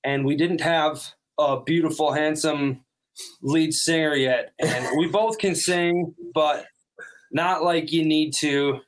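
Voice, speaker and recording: A man's voice: on the high side, steady tone, slow pace, rough recording. A man from North Dakota with a North Dakota accent, an outgoing band member chatting as a guest. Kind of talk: casual chat.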